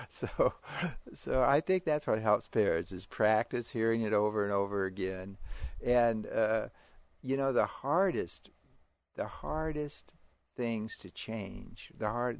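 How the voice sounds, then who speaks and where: A middle-aged man, a parenting educator, answering interview questions in a halting way, with restarts and chuckles. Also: on the low side, gravelly, no echo. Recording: dry, muffled lo-fi recording.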